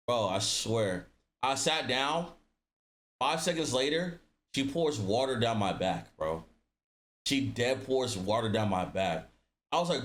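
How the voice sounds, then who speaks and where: Speaking at a medium pitch, this young streamer loosely spins a story for his chat. He's animated, leans hard on slang and fillers, and performs other people's lines as he goes.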